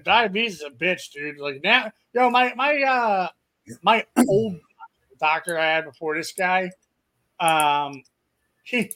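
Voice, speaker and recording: A man co-hosting a podcast, telling crude stories in a rowdy, profane way with loud put-on quotes. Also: high voice, expressive, slow pace. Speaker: podcast co-host. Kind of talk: crude casual chat.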